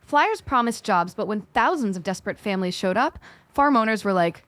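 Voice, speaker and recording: A woman's voice: medium pitch, lively intonation, a little fast, fairly bright tone, no echo. A woman co-hosting a scripted podcast, talking in a playful way full of gaming slang. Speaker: co-host.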